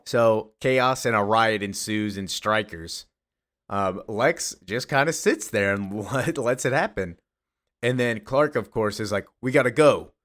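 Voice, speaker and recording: A man's voice: lowish voice, a little slow, a bit bright. A man casually retelling a comic story, rambling along with frequent fillers and restarts. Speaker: comics commentator.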